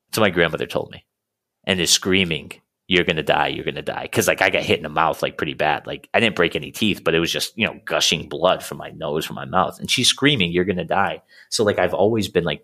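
Low-voiced man rambling with fillers. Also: a bit bright. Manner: rambling, many fillers and restarts. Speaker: coaching client. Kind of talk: casual conversation.

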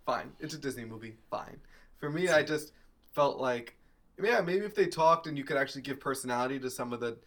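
A man's voice: medium pitch, lively intonation, fairly quick, a bit bright. A man co-hosting a podcast, talking in a laid-back, profane, agreeable way. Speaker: podcast co-host. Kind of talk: casual chat.

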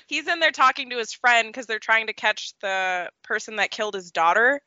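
A woman's voice: on the high side, animated, normal speed, sharp tone, no echo. A young woman, a guest on a podcast, chatting and telling stories with self-deprecating humor. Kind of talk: casual podcast chat. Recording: slightly dull lo-fi audio.

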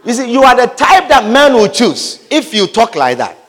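High, lively preacher man in a reverberant hall. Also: moderate pace. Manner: lively, humorous, acts out scenes, repeats phrases, often asks "Do you understand?". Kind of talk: sermon.

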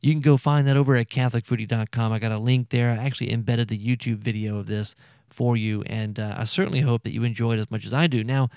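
A man's voice: medium pitch, fairly even intonation, fast talker, a little mellow, clean tone, no echo, clean studio sound. A man hosting a food podcast, chatting casually with frequent fillers and repeated words. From Louisiana. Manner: chatty, repeats himself, lots of fillers and stammers.

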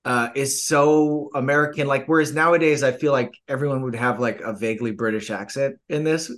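A man's voice: medium pitch, fairly quick, a bit bright. Man in casual film discussion. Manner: thoughtful, searching for words. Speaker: podcast guest.

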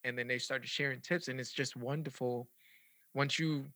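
A man's voice: medium pitch, steady tone, moderate pace, sharp tone, no echo. A man hosting an interview, reflecting back to his two guests in a casual chat. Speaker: host.

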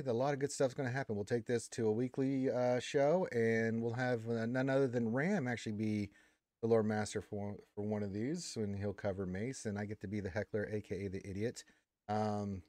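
A man hosts a loose podcast hangout, rambling along and ribbing his guests. His voice sits at a middling pitch and sounds dry and close, with no room around it. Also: no echo. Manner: joking, rambling, teasing the guests. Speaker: podcast host. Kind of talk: casual chat.

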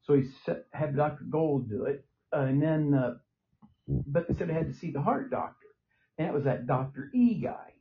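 The voice is a little high, with lively intonation and normal speed: an older man, a winded patient who's short of breath and rambles in plain terms. It's casual conversation, recorded lo-fi in a hospital room, so it sounds muffled and dull with faint noise.

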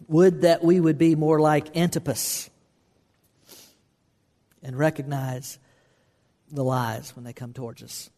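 A man's voice: medium pitch, fairly even intonation, normal speed, mellow. Earnest preacher man in a hall. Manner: earnest, repetitive, restarts phrases for emphasis. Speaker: pastor. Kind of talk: sermon. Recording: long hall reverb.

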